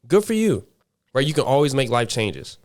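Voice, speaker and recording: Emphatic young man with a smooth voice. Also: medium pitch, sing-song, normal speed, a little mellow. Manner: emphatic, repeats himself for stress. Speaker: podcast co-host. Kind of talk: casual chat.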